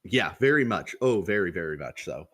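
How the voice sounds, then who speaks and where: A young man with a fairly low voice tells a story on a casual podcast. He talks loosely and swears freely. He acts out the other people's lines as he goes. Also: big pitch swings, normal speed, a bit bright, husky. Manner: loose and profane, acts out quoted dialogue. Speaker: podcast co-host.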